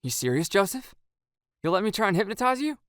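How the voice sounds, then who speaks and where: A man voicing an excited teenage boy who chants hypnosis lines in a slow monotone. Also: high voice, no echo, clean studio sound, voice pushed up. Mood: eager.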